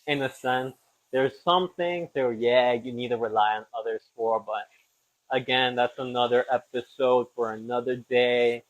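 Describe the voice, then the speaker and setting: A man's voice: medium pitch, measured pace. A young man hosting a podcast, chatting casually and rambling with self-deprecating asides while he cooks in a home kitchen. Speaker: podcast host. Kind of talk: casual chat while cooking. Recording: slightly dull lo-fi audio.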